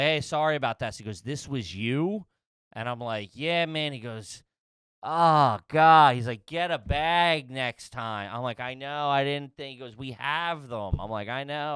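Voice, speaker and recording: A man tells a story in a casual, profane ramble, laughing at his own mistakes. His voice sits at a middle pitch. The mic is close and the sound is dry. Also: fairly bright tone, smooth, no echo. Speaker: podcast co-host.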